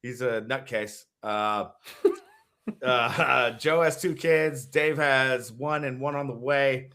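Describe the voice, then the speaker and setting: A man in his thirties, a podcast co-host chatting casually and acting out lively stories. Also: mid-range voice, slow pace, clean tone. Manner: animated storyteller, acts out voices with shouts. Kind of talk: casual chat.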